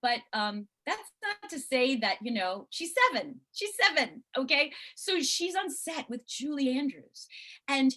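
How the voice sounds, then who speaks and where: A middle-aged woman talking in a casual video-call interview as the guest, rambling and animated with sudden excited rises. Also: high-pitched, a little slow.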